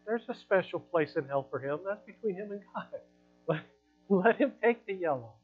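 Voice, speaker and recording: A male pastor preaches in a relaxed, conversational way, acting out quotes and laughing at his own asides. His voice sits a little high for a man. The recording is dull and lo-fi, with faint music in the background. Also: normal speed. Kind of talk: sermon. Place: church hall.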